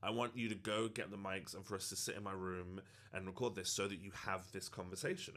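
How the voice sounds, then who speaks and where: Man, somewhat low voice, earnest reflective storytelling, chatty fillers. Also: quick pace, few pauses, a bit bright. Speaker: TikTok creator. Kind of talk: personal storytelling monologue.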